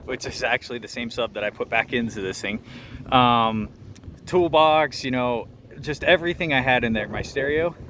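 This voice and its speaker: A man's voice: mid-range voice, noisy background. A young man telling a story while hiking outdoors on a rocky trail, laughing often and out of breath. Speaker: vlogger. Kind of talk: casual storytelling vlog.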